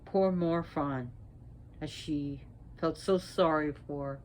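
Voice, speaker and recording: A woman speaking as a priestess, sick and short of breath, talking in a slow, halting way with restarts. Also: low-pitched, darkish tone, slight background noise. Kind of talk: spoken talk on mythology.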